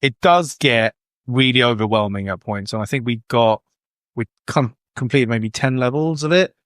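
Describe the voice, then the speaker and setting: A man's voice: medium pitch, moderate pace, fairly bright tone, no room sound. A British man hosting a casual podcast chat, talking in a chatty way and reeling off facts and figures. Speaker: podcast host.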